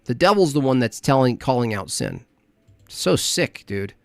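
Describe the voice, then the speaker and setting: A man's voice: mid-range voice, wildly swooping pitch, moderate pace, gravelly, dry recording. A man hosting a livestream, reacting to a clip with crude, mocking, rambling commentary.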